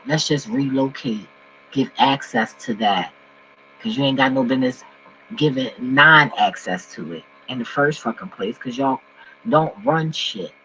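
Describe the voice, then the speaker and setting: Profane ranting man, dull lo-fi audio. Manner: profane, swings between loud outbursts and low mumbling. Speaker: vlogger. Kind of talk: casual profane rant to viewers. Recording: dull lo-fi recording with faint mains hum.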